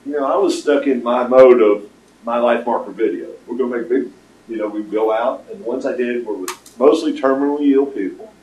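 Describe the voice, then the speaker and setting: An older man giving a casual, rambling pitch to an audience, with lots of fillers. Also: fairly quick, a little mellow. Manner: rambling storyteller with many fillers. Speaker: startup presenter. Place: meeting room with audience. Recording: roomy, distant room recording.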